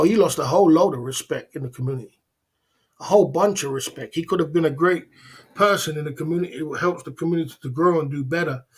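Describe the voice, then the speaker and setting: A middle-aged man, hosting a livestream and lecturing his viewers bluntly in a casual, repetitive way. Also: on the high side. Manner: blunt and lecturing, repeats "you know what I'm saying". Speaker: livestream host.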